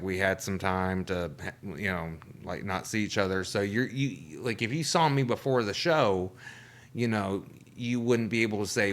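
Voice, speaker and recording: A man hosting a comedy show, delivering a casual, profane monologue and jumping into quick quoted voices. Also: medium pitch, fairly bright tone.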